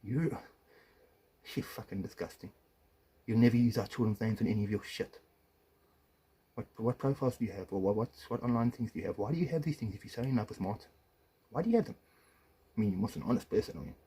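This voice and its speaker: A man's voice: on the low side, fast talker, warm tone, husky. A man, an estranged father, delivering an angry, profane video rant with accusations, swinging between muttered asides and raised confrontation.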